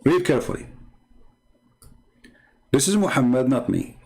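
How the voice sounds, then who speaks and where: A man hosting a live-stream debate, speaking at a medium pitch with a sarcastic, scolding edge. He is emphatic and stops now and then to read viewers' comments. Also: sing-song, moderate pace, gravelly, darkish tone. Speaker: online religious debater.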